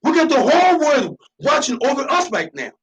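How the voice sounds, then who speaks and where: Man, high voice, talk show host, impassioned, repetitive, emphatic monologue. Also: sing-song, brisk, fairly bright tone, rough recording.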